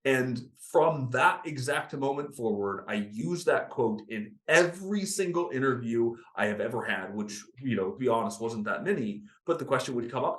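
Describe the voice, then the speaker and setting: A man in his thirties, a podcast guest telling his story in an interview, animated and acting out the people he quotes. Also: mid-range voice, normal speed, hardly any pauses. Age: 30s. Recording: roomy echo.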